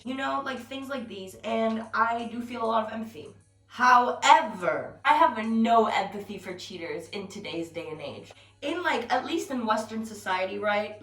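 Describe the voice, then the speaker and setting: A young woman vlogging at home in a blunt, profane, animated rant, recorded from a distance with background music. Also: a little high. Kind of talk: casual rant to camera. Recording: roomy, distant from mic, music behind.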